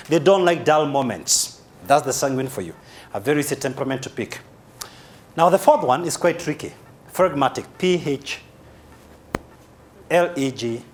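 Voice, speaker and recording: A man with a Kenyan accent giving a humorous, animated live seminar talk as a motivational speaker, spelling key words aloud. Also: on the high side.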